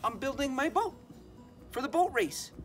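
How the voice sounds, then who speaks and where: An earnest little bear cub talking eagerly to his dad, his voice raised and bright with keenness. A man plays him in a read-aloud for children. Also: extremely high pitch, big pitch swings, moderate pace, soft background music, voice pushed up, exaggerated voice.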